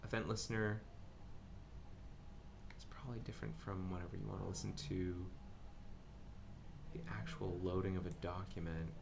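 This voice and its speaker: A man's voice: deep voice, little pitch movement, normal speed, gravelly, long pauses, noisy background. A man hosting a live coding stream, thinking aloud as he works through code with frequent ums. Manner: musing and self-narrating, with frequent ums.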